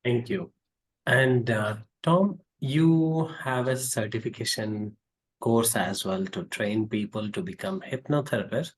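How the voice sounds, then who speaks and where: Slow, measured male interviewer. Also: medium pitch, rough recording. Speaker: interview host. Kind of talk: interview questions.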